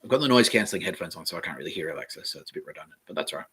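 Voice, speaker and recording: Hosting a podcast from home, this man reads from a screen and rambles casually, breaking off into offhand joking asides. His low, husky voice carries a tense, forceful edge and sounds expressive and racing. His words frequently sink into mumbles.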